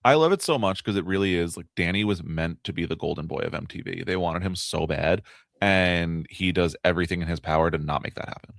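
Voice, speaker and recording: Deep-voiced laid-back male podcast co-host. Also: fairly quick, creaky, fairly bright tone, dry recording, studio quality. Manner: laid-back, laughs easily. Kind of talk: casual podcast recap chat.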